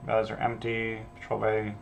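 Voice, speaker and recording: Game master, male, low gravelly voice, offhand musing between read-aloud passages. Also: monotone, normal speed, muffled recording, a little hiss or hum. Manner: thinking aloud, offhand, sprinkled with casual swearing. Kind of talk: casual solo prep stream, reading module text aloud.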